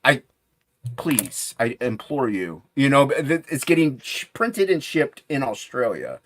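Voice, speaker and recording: A man's voice: medium pitch, big pitch swings, unhurried, a bit bright. A man chatting casually as a guest on a livestream, rambling and restarting his sentences, often trailing off into a mumble. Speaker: guest comic creator.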